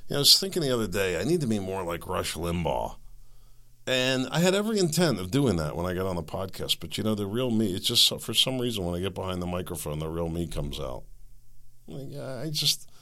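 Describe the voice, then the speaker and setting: A man's voice: lowish voice, big pitch swings, moderate pace, creaky, sharp tone. A man hosting his own podcast in a rambling, joking, self-deprecating comic monologue. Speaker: podcast host. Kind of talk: comedic solo monologue.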